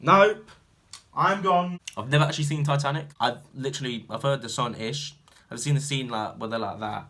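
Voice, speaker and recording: A man's voice: mid-range voice, fast talker. Rambling young British man. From Britain. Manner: rambling, filler-heavy, jumps from loud animated bursts to mumbled asides. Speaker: vlogger. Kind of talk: casual chat to camera.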